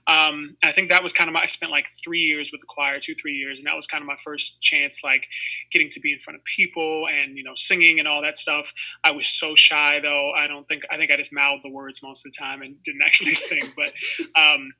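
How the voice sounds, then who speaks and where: A man in his twenties with a very bright, forward voice, sitting for a casual interview on a video call. He talks in loose, rambling stories, full of "you know" and "like". His pitch sits a little high for a man. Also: level tone, a little fast, low-quality recording. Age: 20s. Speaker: actor guest.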